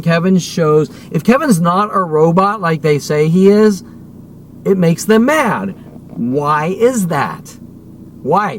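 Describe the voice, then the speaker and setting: A man delivering an agitated, profane, rambling rant as a vlogger, repeating himself and swearing often. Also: a little high. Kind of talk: unscripted rant to camera. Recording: noisy recording with vehicle sounds.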